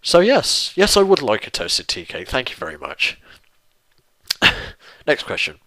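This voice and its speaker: The English YouTuber, a young man, meanders through viewer questions with mild swearing and self-deprecation. His medium-pitched voice swings hugely in pitch at a measured pace, sounding creaky, bright and forceful in a dry recording.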